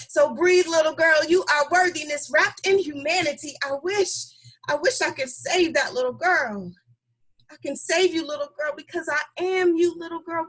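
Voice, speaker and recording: A woman with a high, light voice performing spoken-word poetry. She recites slowly and tenderly, lingering on phrases, then swells into louder passages. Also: rough recording. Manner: slow, tender, deliberate with dramatic swells. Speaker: poet.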